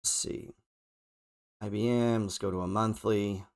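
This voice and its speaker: A man's voice: on the low side, fairly even intonation, unhurried. Sarcastic, swearing man talking charts. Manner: sarcastic and profane, thinking aloud. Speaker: trading show host. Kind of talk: casual market commentary while scrolling charts.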